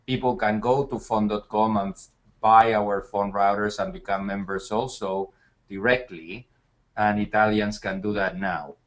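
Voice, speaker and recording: A male entrepreneur answers interview questions in a calm, factual way. His voice sits somewhat low. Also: measured pace. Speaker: entrepreneur guest.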